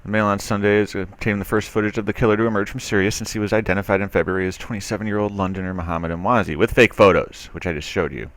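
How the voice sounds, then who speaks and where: A man's voice: on the low side, fairly even intonation, fast talker, hardly any pauses, a bit bright. A man reading a news article aloud and commenting on it, skeptical and sarcastic, with loose talk full of fillers. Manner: loose, with frequent fillers and restarts. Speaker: commentary video host.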